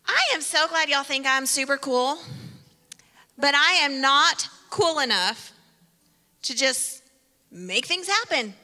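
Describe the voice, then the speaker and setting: A woman leads a children's sermon in a church sanctuary, with a playful object lesson and kids called by name. Her voice is high and bright. It trails off in the long reverb of the hall. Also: slow, pauses often. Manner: lively, playful, talks directly to kids by name.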